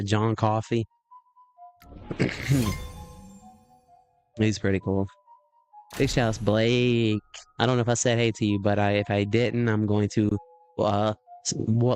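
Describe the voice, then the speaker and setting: Man, game streamer, low voice, rambling casual chat, jokey, clears throat a lot, faint music behind.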